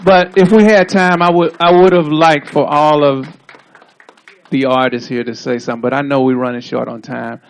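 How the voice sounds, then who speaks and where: A man giving a relaxed, rambling storytelling speech at an outdoor street ceremony. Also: a little high, moderate pace. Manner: laid-back, drawling storyteller with asides.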